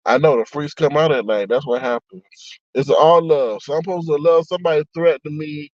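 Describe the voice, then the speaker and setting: A man's voice: a little high, a little fast, darkish tone, no echo, muffled recording. A man in casual chat on a live stream, reading viewer comments aloud and talking back to them. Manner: chatty, reads comments aloud, frequent laughs and asides.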